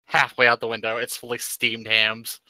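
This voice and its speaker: A man playing a tabletop game, casual and halting, swearing freely. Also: mid-range voice, completely flat delivery, sharp tone, no echo. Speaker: player.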